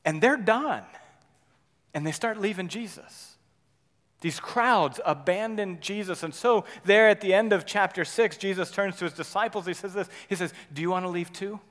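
A man preaching a sermon, swinging between loud urgent passages and quiet, intimate ones, often checking in with "right?". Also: sits high, moderate pace, in a large hall. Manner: dynamic preaching, rising loud then dropping soft, frequent "right?". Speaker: pastor.

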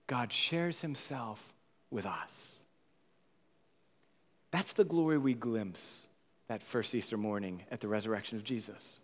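A male pastor preaching a sermon, moving between loud, urgent emphasis and hushed, whispered tenderness. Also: medium pitch. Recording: long hall reverb.

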